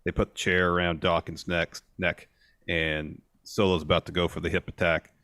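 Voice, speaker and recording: Deep-voiced man giving play-by-play. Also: normal speed, dry recording, studio quality. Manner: steady play-by-play retelling. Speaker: podcast co-host recapping wrestling. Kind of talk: casual recap chat.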